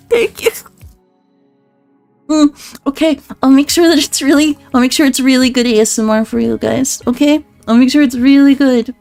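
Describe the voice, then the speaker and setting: A woman's voice: sits high, a little mellow. A woman streamer chatting casually with her viewers, giggly and flustered, swearing often, close to her mic with faint music behind.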